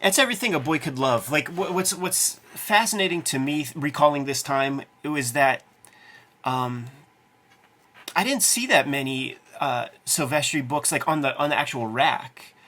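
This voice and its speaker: A man's voice: a little high, lively intonation, normal speed, sharp tone. A man co-hosting a casual chat about comics as a cartoonist, talking profanely and acting out tough-guy lines from movies. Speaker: cartoonist co-host.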